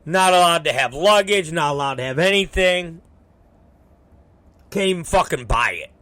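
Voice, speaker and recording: A man hosting a talk show, telling a story in a casual, profane, animated way. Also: on the high side, moderate pace, no room sound. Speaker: show host.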